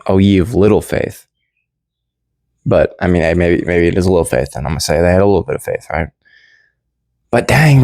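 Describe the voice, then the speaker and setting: A man's voice: deep voice, a little mellow, no room sound. A young man rambling through a casual Bible commentary in slangy, laid-back speech full of restarts. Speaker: Bible study vlogger.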